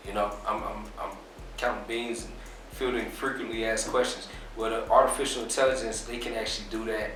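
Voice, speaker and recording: Guy explaining his business in an interview, kinda low voice, really echoey room, sounds far from the mic. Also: fairly quick, soft background music. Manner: relaxed, explanatory, fillers like "uh" and "you know". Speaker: interview guest, business owner. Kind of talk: casual interview talk.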